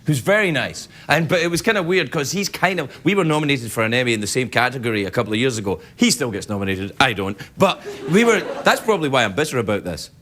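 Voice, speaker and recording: A middle-aged man hosting a late-night talk show, telling comic stories in an animated way and slipping into other people's voices. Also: medium pitch, fast, few pauses. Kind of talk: late-night comedy monologue. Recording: studio audience laughter and loud noise behind.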